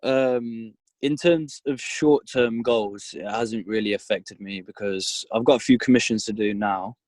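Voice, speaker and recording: A man's voice: fairly low pitch, measured pace, darkish tone, no room sound. A man from the UK, an artist guest, answering modestly with many hesitations while shivering in a cold parked car. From United Kingdom. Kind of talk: casual interview answers.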